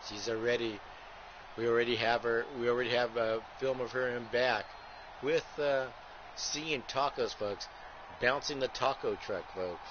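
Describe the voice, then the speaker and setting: A man calls a wrestling video game like a ringside announcer. He keeps saying "folks" and "ladies and gentlemen" and throws in crude rhyming jokes. The recording is muffled and lo-fi, with a clear hiss underneath. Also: mid-range voice, fairly even intonation, moderate pace. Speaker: host and wrestling commentator. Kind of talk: playful wrestling-game livestream commentary.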